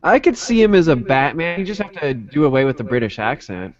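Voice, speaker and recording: A man's voice: on the high side, lively intonation, brisk, highs cut off. A man co-hosting a casual podcast chat, laid-back and hesitant, with many fillers. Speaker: podcast co-host.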